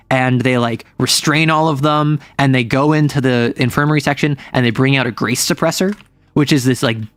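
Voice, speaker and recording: A man's voice: mid-range voice, dry recording. A man streaming as a game master, casually and animatedly retelling a tabletop game session in a rambling way.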